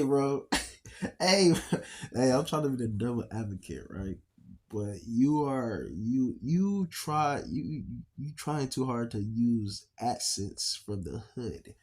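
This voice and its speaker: Husky man in blunt casual chat. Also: mid-range voice. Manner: blunt, profane, rambling with repeated restarts. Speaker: reaction video co-host.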